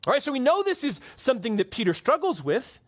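A man's voice: very high voice, sing-song, fast talker, a bit bright. A man preaching a conversational sermon to a church audience, often checking in with "right?". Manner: conversational, keeps asking "right?". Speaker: pastor.

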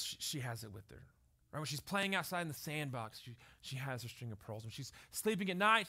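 A man in his thirties preaching a sermon, telling a story softly and then building to loud, emphatic exhortation. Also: medium pitch. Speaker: pastor.

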